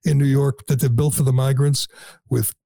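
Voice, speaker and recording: A man's voice: mid-range voice, little pitch movement, normal speed, gravelly, dark tone, no room sound. A man hosting a talk radio show, delivering sarcastic, mocking opinion commentary.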